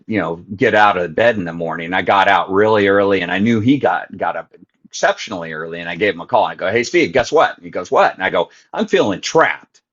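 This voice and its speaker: A middle-aged man, a podcast guest, telling a story with lively back-and-forth dialogue. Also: lowish voice. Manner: animated storyteller acting out both sides of a phone call. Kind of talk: storytelling in an interview.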